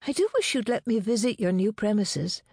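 A woman reading an audiobook, voicing a naive young woman who murmurs softly and squeaks when she is indignant. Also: sing-song, fairly quick, slightly rough, no echo, clean studio sound. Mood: sweet, eager.

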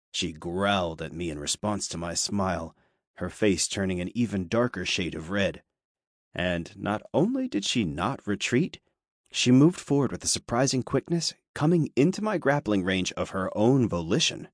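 A man narrating a first-person audiobook with wry, measured storytelling. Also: on the low side, very animated, no echo, studio quality.

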